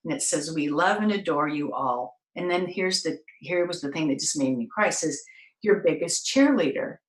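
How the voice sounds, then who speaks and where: A woman's voice: low voice, normal speed. A woman host telling a personal story to an audience, acting out the voices of the people in it. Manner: animated, acts out voices in her story. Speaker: talk show host. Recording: echoey room.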